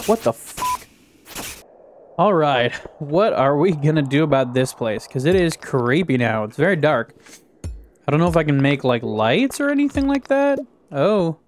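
A man giving casual let's-play commentary, excitable, talking back to the game and swearing often. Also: on the high side. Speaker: gaming YouTuber.

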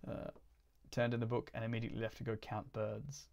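Gravelly-voiced man streaming games. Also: lowish voice, monotone, quick pace, darkish tone. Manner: rambling, chatty, laughs often. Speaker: game streamer. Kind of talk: casual chat while gaming.

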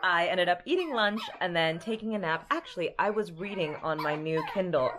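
A woman's voice: on the low side, expressive, brisk, noisy background. Chatty young woman vlogging from home. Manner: chatty, upbeat, rambling. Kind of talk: casual vlog chat to camera. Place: at home in an apartment.

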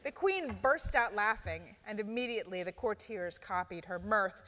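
A woman author reading her novel aloud at a live event, with steady, expressive narration. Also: mid-range voice, normal speed, noisy background. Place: event hall. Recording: echoey hall, live event.

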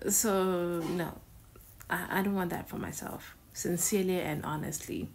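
A woman's voice: fairly low pitch, little pitch movement, moderate pace. Chatty woman repeating herself for emphasis. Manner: conversational, repeats words for emphasis. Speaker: reaction video host. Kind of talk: casual reaction commentary.

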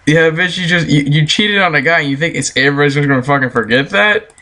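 A man's voice: a little high, fast talker, pushed and bright. A man telling a story as a casual, heated, profane rant, breaking into laughter now and then.

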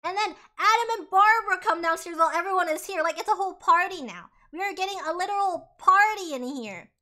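A woman live-streaming, narrating in a loose, rambling way and swearing freely. Her voice is very high and sharp. She jumps between thoughts as she goes. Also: a little fast. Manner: animated, swearing, rambling retelling.

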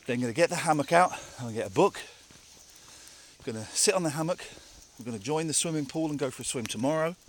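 A man's voice: fairly high pitch, lively intonation, quick pace, slight background noise. A man live-streaming from a countryside walk, talking candidly to viewers and sometimes out of breath from the climb. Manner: candid, emphatic, repeats phrases for effect. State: out of breath from walking uphill. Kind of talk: casual live-stream chat, answering viewers. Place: outdoors on a rural hill walk.

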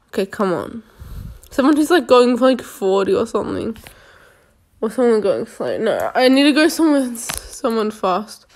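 Slow-talking, sarcastic young-sounding woman gamer. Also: a little high. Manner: sarcastic, joking, talks to herself. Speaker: gamer playing a police game. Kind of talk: casual gameplay commentary.

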